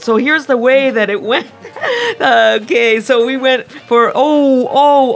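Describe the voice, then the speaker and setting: A woman presenting records on a radio music show, talking with enthusiastic, gushing, drawn-out emphasis. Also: on the high side.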